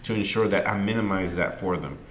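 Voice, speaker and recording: A middle-aged man hosting a podcast, telling a candid personal story earnestly and with emotion, getting loud and animated as he tells it. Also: low-pitched, a little fast. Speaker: podcast host.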